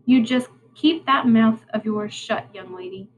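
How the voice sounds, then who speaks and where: A woman's voice: a little high, unhurried, slight background noise, lightly acted, rough recording. A woman voicing a rude, bossy boy who sneers and snaps orders, reading a storybook aloud. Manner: sneering, sharp-tongued.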